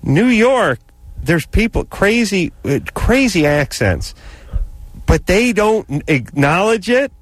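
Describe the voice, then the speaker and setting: A man's voice: sits high, very animated, takes it slowly, no room sound. A man co-hosting a late-night call-in radio show, chatting casually and telling rambling, sardonic stories.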